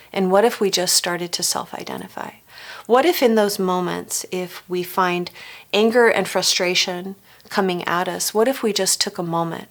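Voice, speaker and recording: A woman presenting a family recovery course, coaching listeners with rhetorical questions and acted-out sample phrases. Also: medium pitch. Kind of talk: teaching a workshop.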